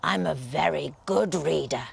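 A woman's voice: low voice, a little slow, gravelly, slightly rough, voice pushed down, heavily acted. A woman voicing a self-important big bad wolf who growls his words.

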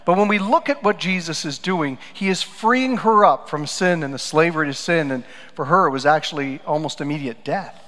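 A pastor preaching a sermon, telling stories and swinging between loud emphatic lines and quiet low asides. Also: male voice, moderate pace, few pauses. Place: church sanctuary. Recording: church hall with long reverb.

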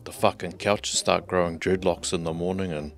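A man's voice: low voice, little pitch movement, moderate pace. A man with a New Zealand accent hosting a comedy sketch, crude and laid-back, swearing often. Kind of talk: casual comic banter.

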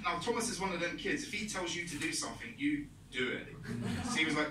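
Talking very fast in a voice on the high side, a young man from Britain with a British accent rambles through a self-deprecating stand-up routine, playing out quoted exchanges. The comedy club audio is roomy and distant, with background noise and laughter from the crowd.

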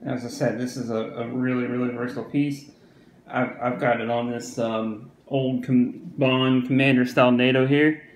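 A man's voice: mid-range voice, fairly even intonation, normal speed, slight background noise, rough recording. A man with a Southern US accent giving a casual, rambling product review, full of fillers and repeated phrases. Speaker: watch reviewer.

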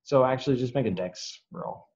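A man's voice: medium pitch, a little mellow. Young male game master, casual and laughing easily, on dull video-call audio. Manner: casual, quick to laugh, improvising rules on the fly. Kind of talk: running a tabletop game over a video call.

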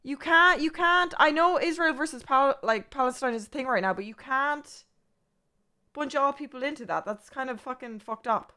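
A woman's voice: high-pitched, normal speed, pushed and bright. A young Irish woman streaming live, chatting bluntly to her viewers and swearing constantly. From Ireland. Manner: blunt, heavy swearing, rambling asides to chat. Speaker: livestreamer. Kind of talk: casual livestream chat.

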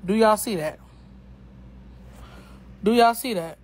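A woman sharing a product testimonial talks emphatically to her viewers in a casual vlog, repeating herself and using informal slang. Her mid-range voice is a little mellow and slow, captured in a rough recording.

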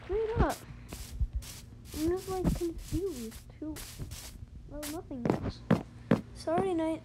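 A high-voiced young gamer chatting casually and humming little tunes while playing on a phone. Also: slow, long pauses, heavy background noise. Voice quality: high-pitched voice. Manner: chatty, rambling, with playful sing-song humming. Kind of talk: casual let's-play commentary.

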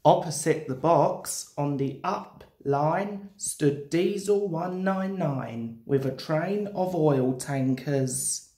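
A woman narrating a storybook in an expressive, measured way. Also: deep voice. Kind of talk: storybook reading. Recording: roomy echo.

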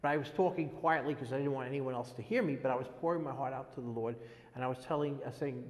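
A man in his sixties, an interviewee giving a halting, earnest personal testimony and often repeating words as he goes. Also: mid-range voice. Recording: long echoey reverb.

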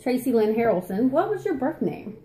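A woman's voice: on the high side, big pitch swings, brisk, dark tone, faint music behind. A woman co-hosting a casual vlog, from Florida, cutting in with jokes and teasing asides. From Florida, USA. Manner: joking, teasing interjections. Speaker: vlog co-host. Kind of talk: casual chat.

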